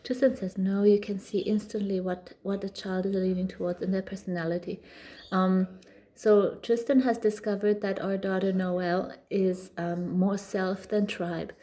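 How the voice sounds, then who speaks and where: A woman's voice: medium pitch, level tone, moderate pace, mellow. A woman in her thirties telling a casual parenting story, chatty with frequent fillers and restarts. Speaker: parenting vlogger.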